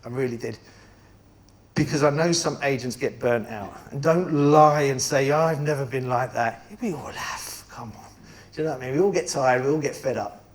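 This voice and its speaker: A middle-aged man giving an energetic, blunt talk to members of his network, swearing casually and making chatty asides. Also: mid-range voice, normal speed. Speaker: estate agency network founder speaking to members. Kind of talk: conference talk.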